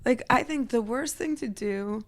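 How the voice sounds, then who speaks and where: A woman co-hosting a casual podcast chat, animated and laughing often, acting out what people said. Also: a little high, unhurried. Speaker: podcast co-host.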